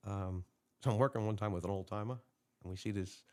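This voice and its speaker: A man, a retired police lieutenant telling lively, laughing anecdotes in a casual interview. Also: fairly low pitch, brisk. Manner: animated, laughing anecdotes, acts out voices in his stories.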